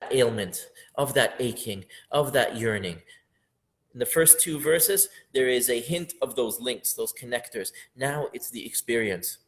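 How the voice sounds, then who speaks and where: Earnest male teacher explaining a poem. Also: mid-range voice. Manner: earnest, repeats phrases for emphasis, rises sharply when voicing inner speech. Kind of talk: lecture explaining classical poetry.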